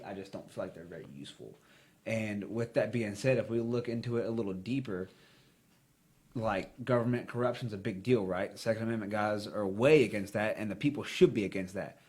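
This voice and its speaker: A man's voice: on the low side, darkish tone. A man from the United States on a podcast, giving blunt, rambling opinions with a lot of swearing. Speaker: podcast co-host. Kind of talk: casual podcast discussion.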